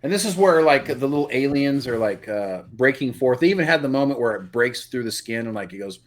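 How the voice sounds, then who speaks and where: Brief: male co-host, mid pitch, relaxed casual delivery, comments on scenes as they run. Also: fairly quick. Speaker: podcast co-host. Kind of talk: casual livestream review chat.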